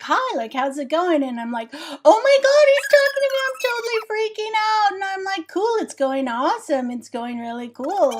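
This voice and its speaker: A gushing valley-girl teenager with a bright, high voice, put on by a woman. She sounds breathless, leans on "like" in nearly every phrase, and squeals with giddy excitement in a sunny, bouncy delivery. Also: background noise, natural voice.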